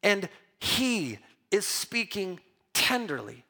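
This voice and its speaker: A man preaching a sermon as pastor, emphatic and lively, mixing Bible reading with personal stories told with restarts. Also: high-pitched, slow, creaky. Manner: repeats words and restarts when telling stories.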